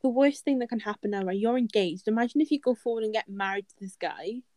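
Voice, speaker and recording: A woman's voice: a little high, lively intonation, fast talker, warm tone, no echo. A woman in casual podcast chat, giggling and giving advice. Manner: giggly, chatty, gives advice.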